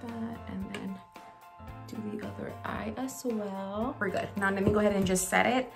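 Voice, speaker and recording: A woman beauty vlogger chatting casually while doing her makeup at home, gushing and talkative, in a gravelly morning voice. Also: medium pitch, fairly even intonation, moderate pace, over music. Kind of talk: casual makeup tutorial chat.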